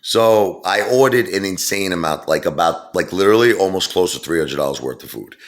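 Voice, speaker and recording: A middle-aged man rambles through a casual story in an extremely deep voice. He digresses constantly, padding his talk with fillers and asides. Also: lively intonation, fairly quick. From Brooklyn, New York. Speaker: vlogger.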